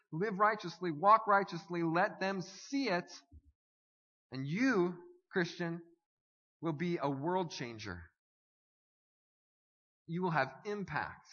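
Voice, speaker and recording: A man preaching a sermon as pastor, swinging from hushed, slow lines to loud, stirring calls. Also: fairly high pitch, animated. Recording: dull audio with long hall reverb.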